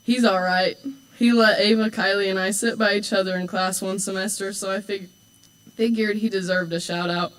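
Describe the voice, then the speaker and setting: A teenage girl in her late teens giving a prepared speech as a homecoming court candidate indoors at a school event, heartfelt and warm, with teasing, dry asides. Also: medium pitch, steady tone, normal speed, smooth, rough recording.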